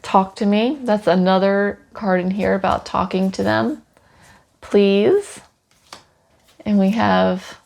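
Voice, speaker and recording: A woman giving a casual tarot reading for a pet owner, talking softly and soothingly with lots of "you know" fillers. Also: mid-range voice, slow, gravelly.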